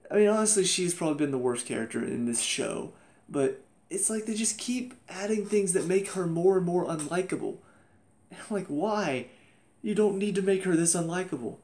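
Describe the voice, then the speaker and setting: A man's voice: high voice, expressive, normal speed, darkish tone. Exasperated man ranting in a TV review. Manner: exasperated, ranting, mocking characters in put-on voices. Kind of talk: casual spoken review.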